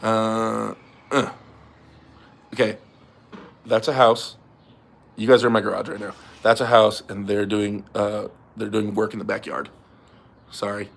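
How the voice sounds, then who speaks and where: A man's voice: on the low side, flat delivery, unhurried, vocal fry, pauses often. A man hosting a casual livestream from his garage, joking and reading out viewer messages. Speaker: livestream host. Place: home garage.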